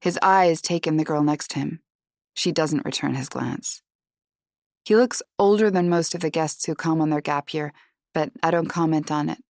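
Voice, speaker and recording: A woman narrating a first-person thriller audiobook in a measured, tense and subdued way. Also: low-pitched, no echo.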